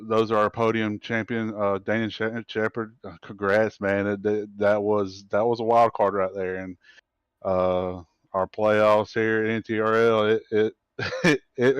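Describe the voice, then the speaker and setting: A fairly low, smooth voice belongs to a man who organizes a racing league and also races in it. He speaks haltingly after a race in an interview, frequently repeating words, with no room sound on the recording.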